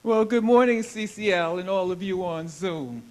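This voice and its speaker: A man reading a book excerpt aloud at a spiritual service in an earnest, deliberate way. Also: sits high, poor audio. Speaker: guest reader at a spiritual service.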